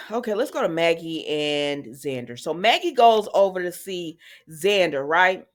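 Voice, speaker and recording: A woman's voice: lowish voice, lively intonation, unhurried. A woman hosting a casual soap opera recap, talking straight to her viewers in a chatty, sassy way.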